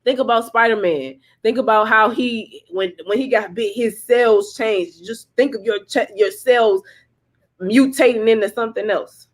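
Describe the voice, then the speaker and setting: On a livestream, a woman with a slightly high voice gives a casual tarot reading at a measured pace. She rambles and swears, laughs often, and repeats herself for emphasis.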